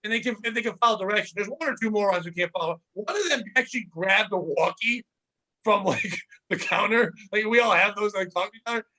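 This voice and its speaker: A man hosting a casual comedy podcast, rambling through work stories with animated retellings. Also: high voice, quick pace. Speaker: podcast host.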